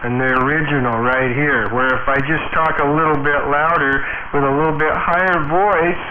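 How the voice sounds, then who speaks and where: A man's voice: flat delivery, brisk. A man chatting casually over ham radio, joking and swearing as he tries out his mic settings. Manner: profane, joking, tests voice pitch. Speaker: radio operator. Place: home radio station. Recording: phone-like radio audio, static, echoey.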